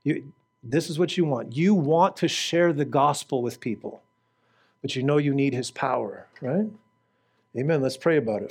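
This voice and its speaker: A male preacher with a husky, medium-pitched voice speaks at normal speed in a fervent sermon. He asks the congregation pointed questions and goes from shouting to quiet praying.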